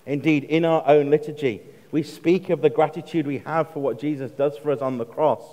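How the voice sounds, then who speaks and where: A man with an English accent preaching a sermon in a measured way, slowing for emphasis and dropping to a hush on quoted words. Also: on the high side, fairly even intonation, muffled recording. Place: church. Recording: long reverb of a church hall.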